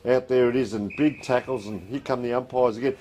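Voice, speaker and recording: A man's voice: mid-range voice, a little fast, slight background noise. A man with an Australian accent calling a community football match live from the ground, easygoing and chatty, reading out scores between plays. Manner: relaxed, chatty play-by-play with score calls. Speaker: football commentator. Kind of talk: live sports commentary.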